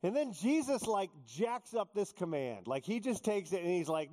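A male pastor preaching a sermon, joking with the congregation and acting out quotes in animated storytelling. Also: sits high, normal speed. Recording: long hall reverb.

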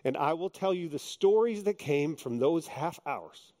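A middle-aged male pastor delivering a sermon in a somewhat high voice. He talks earnestly, drops low and quiet for reflection, then climbs into emphatic, lively exhortation. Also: measured pace.

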